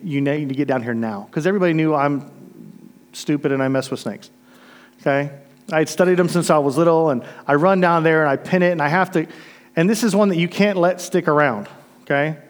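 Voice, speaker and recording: A middle-aged man from Florida preaching a sermon, telling stories earnestly and swinging from emphatic lines to hushed asides. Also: a little high. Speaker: pastor.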